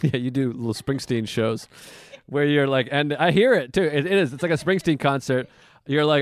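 A man's voice: normal speed, clear, resonant tone. A male podcast host talking casually from a hotel room. He slips into other people's voices with sudden leaps upward. The sound is close and dry, with no room echo. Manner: animated, acts out quoted people with big jumps in pitch. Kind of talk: casual chat.

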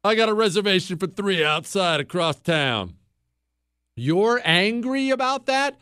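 A man's voice: sits high, lively intonation, a little slow, bright, forceful tone, smooth, no echo, clean studio sound. A male talk show host delivering a fiery, opinionated monologue, hammering his points and repeating phrases for punch.

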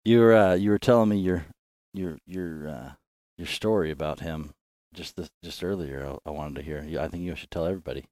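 A man hosting a podcast in casual chat, halting and repeating words, laughing often. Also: low-pitched, darkish tone, no room sound, studio quality. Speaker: podcast host.

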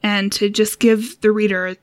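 Female co-host, mid-pitched, dry close sound, loose chatty delivery. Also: flat delivery, a little slow, no room sound. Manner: chatty, lots of "like" and "um". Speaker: podcast co-host. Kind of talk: casual chat.

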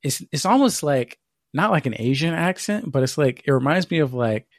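A man's voice: fairly high pitch, animated, moderate pace, no room sound, clean studio sound. A man co-hosting a podcast, telling a long, profane story in casual chat. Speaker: podcast co-host.

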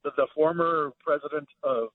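A man's voice: a little high, moderate pace, no echo. A man calling in to a radio show, chatting in a friendly way. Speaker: call-in caller. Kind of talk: phone-in conversation. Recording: tinny phone line.

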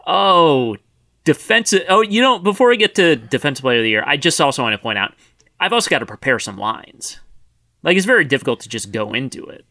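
A man co-hosting a football podcast in casual chat, quick and self-deprecating. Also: fairly high pitch, very animated, pushed and bright, no echo, studio quality. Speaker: podcast co-host.

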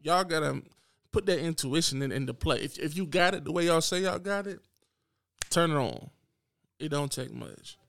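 A man's voice: fairly high pitch, lively intonation, normal speed, creaky, fairly bright tone, no room sound, studio quality. Blunt man ranting on a podcast. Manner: blunt, unapologetic, talks straight to listeners. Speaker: podcast host. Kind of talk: solo podcast rant.

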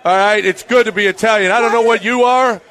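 A man's voice: high-pitched, steady tone, fast, fairly bright tone, a faint crowd. A man hosting a live radio show from a bar party, bantering brashly and reading ads. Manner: brash, teasing, salesman-like.

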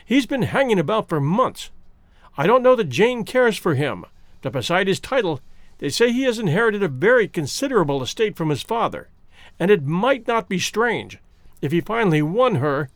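Man voicing an earnest anxious suitor, pleading, high lively voice, dry close sound. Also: normal speed, no echo. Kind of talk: audiobook character voice.

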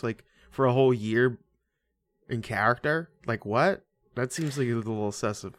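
A man co-hosting a podcast, chatting casually about a movie with quick jokes, asides and frequent laughs. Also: medium pitch, a bit bright, dry recording. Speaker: podcast co-host.

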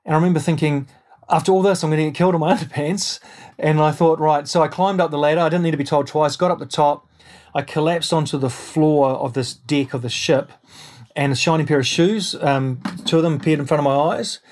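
A man from New Zealand with a New Zealand accent, a guest in an interview, telling his story in an animated, rambling way with many restarts. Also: a little high, a little fast. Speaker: guest, airline pilot and adventurer.

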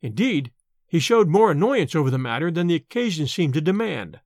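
A man narrating an audiobook of a Victorian horror story in an expressive, theatrical way. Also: fairly high pitch, brisk, no room sound, clean studio sound.

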